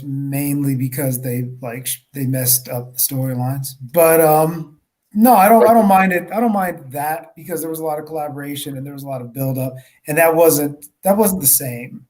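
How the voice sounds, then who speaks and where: A man's voice: fairly high pitch, moderate pace, a little mellow. A man co-hosting a book club podcast, ranting with lots of swearing and mocking impressions. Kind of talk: casual podcast chat.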